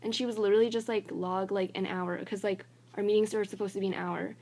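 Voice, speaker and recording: A young college-age woman rants to her phone camera in a casual vlog, and her voice sits at an ordinary middle pitch. She rambles and stacks "like" into nearly every phrase, sounding fed up and exasperated. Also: fairly even intonation, fast, darkish tone. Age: young adult. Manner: rambling, filler-heavy, says "like" constantly; annoyed and exasperated. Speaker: college student vlogger.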